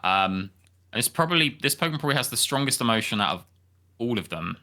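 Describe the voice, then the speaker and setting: A young man co-hosting a podcast, speaking gently and hesitantly, often repeating his words. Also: mid-range voice, expressive, quick pace. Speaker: podcast co-host. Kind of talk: casual podcast chat.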